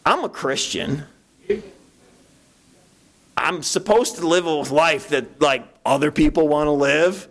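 A man preaching a sermon as pastor, talking conversationally with restarts and jumping into a high voice to act out his own thoughts. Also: slow pace, long pauses. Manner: animated, acts out his own inner voice in sudden high bursts; conversational, with frequent restarts and "you know".

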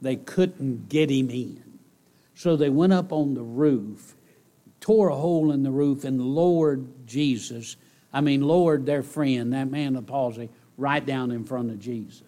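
A man preaching a sermon to a congregation, repeating his key phrases and swinging between loud outbursts and hushed lines. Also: medium pitch, a little slow. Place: church service.

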